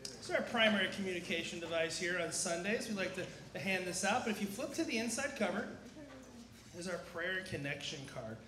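A man's voice: high voice, fairly quick, background noise. A man giving upbeat church announcements, quizzing the congregation, while getting over a cough. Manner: energetic, asks the crowd questions. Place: large church sanctuary. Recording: echoey sanctuary, faint ambience.

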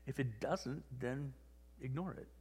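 A man preaching a sermon in a conversational, animated way, often acting out quoted voices. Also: medium pitch, a little slow, husky, big-room sound. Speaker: pastor.

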